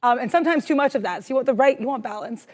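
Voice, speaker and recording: A woman co-hosting a live trading stream, excitable and rambling, jittery with adrenaline. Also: sits high, racing. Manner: excitable, rambling, self-deprecating. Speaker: stream co-host, day trader.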